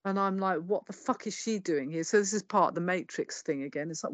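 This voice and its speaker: A woman's voice: mid-range voice, lively intonation, moderate pace, hardly any pauses, dry recording. A middle-aged English woman with an English accent, a podcast guest telling her life story candidly, swearing freely and acting out what people said. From England. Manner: swears freely, tells it bluntly with quoted dialogue.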